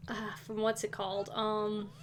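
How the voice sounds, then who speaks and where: A woman's voice: mid-range voice, monotone, normal speed, slight background noise. A woman streaming a game, casually chatting, exasperated and swearing as she scolds the characters. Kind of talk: casual live gameplay chat.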